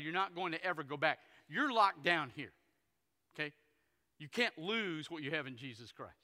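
A pastor preaching a sermon, telling stories folksily and acting out the characters. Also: male voice, on the high side, sharp tone. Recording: long hall reverb.

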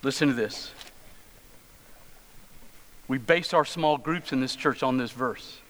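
A man's voice: mid-range voice, slow pace, fairly bright tone. A middle-aged male pastor preaching a sermon in a church, telling stories with humorous asides. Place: church sanctuary. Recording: long church reverb.

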